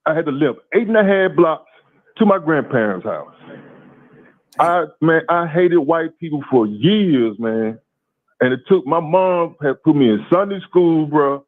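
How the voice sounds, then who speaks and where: Animated man on a tinny phone line. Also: on the high side, unhurried. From Louisiana, USA. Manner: animated, profane, stammering repeats. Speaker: caller. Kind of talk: casual call-in storytelling. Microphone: phone call.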